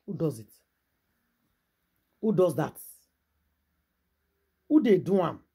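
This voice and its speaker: A Nigerian gossip vlogger speaks slowly in Pidgin English, his husky, warm, highish voice swinging widely in pitch and dipping into vocal fry. He addresses viewers directly with casual, preachy, rhetorical gossip commentary.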